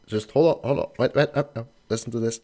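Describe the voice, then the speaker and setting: A Norwegian man, a native Norwegian speaker, hosting and editing a casual podcast chat in English, explaining things slowly with many fillers. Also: medium pitch, a little mellow. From Norway. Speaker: podcast host and editor.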